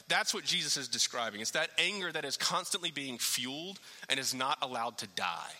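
A man preaching a sermon in a fairly high, very bright and cutting voice. He is animated, dropping low and quiet, then climbing to loud emphasis with rhetorical questions. A long reverb of a large hall hangs on every phrase. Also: brisk. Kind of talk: expository sermon.

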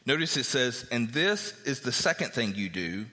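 A man's voice: medium pitch, big pitch swings, normal speed, sharp tone, big-room sound. A male pastor preaching a sermon, reading verses aloud and explaining them in a conversational way.

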